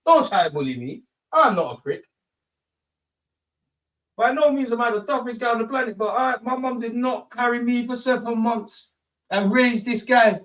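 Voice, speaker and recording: A young man hosting a football watchalong chats casually at a moderate pace, pausing often, in a fairly bright tone. He rants back at his live chat with lots of swearing and high-pitched indignation while reacting to the match.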